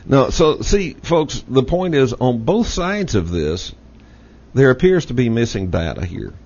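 A man's voice: mid-range voice, sing-song, a little slow, darkish tone, breathy edge. A man with a Texas accent hosting a talk radio show, making his points in a folksy, emphatic way and repeating them. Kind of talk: casual talk radio discussion. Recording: dull lo-fi radio audio with faint hiss.

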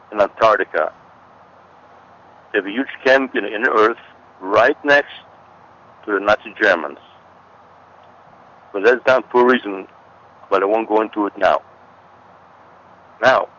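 On an interview show, a male guest with a lowish, somewhat bright voice explains at length in conversation, emphatically repeating warnings. The recording sounds dull and lo-fi.

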